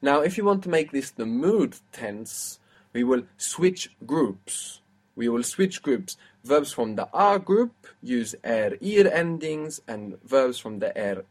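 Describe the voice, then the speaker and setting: A man teaching a language lesson, explaining step by step and prompting his student. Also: medium pitch.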